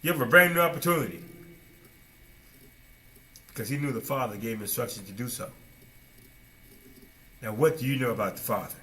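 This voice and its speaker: Bright-voiced man preaching with dramatic swings. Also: brisk, long pauses. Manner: dramatic, swings between loud bursts and low asides, repeated rhetorical questions. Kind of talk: sermon.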